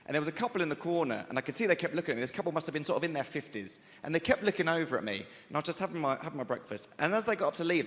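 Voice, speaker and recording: A man doing stand-up, telling self-deprecating stories in a lively way. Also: mid-range voice. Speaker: stand-up comedian. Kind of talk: stand-up set. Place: large theater stage. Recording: theater hall reverb with crowd laughter.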